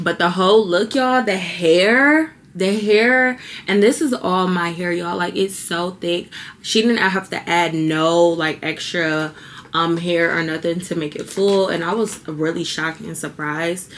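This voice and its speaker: A woman's voice: sits low, a bit bright, a little hiss or hum. A young woman vlogging at home, chatty and heartfelt, a little teary as she talks to her viewers. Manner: heartfelt, chatty, says y'all. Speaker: beauty vlogger. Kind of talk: casual vlog talk to camera.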